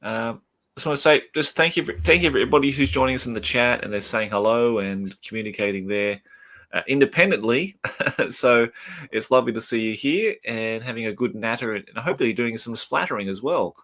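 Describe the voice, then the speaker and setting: A man's voice: medium pitch, expressive, brisk, fairly bright tone. A man hosting a casual podcast, chatting in a friendly way and calling his guest "mate". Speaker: podcast host.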